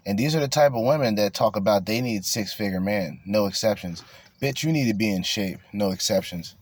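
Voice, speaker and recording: A man's voice: fairly low pitch, fast talker. A man hosting a casual podcast, ranting bluntly and crudely with lots of swearing. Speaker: podcast host.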